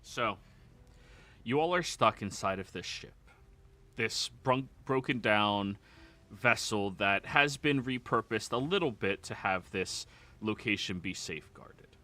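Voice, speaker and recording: A man's voice: fairly low pitch, animated, unhurried, bright, forceful tone. A man running a live-streamed tabletop game as game master, chatty and laid back, laughing easily.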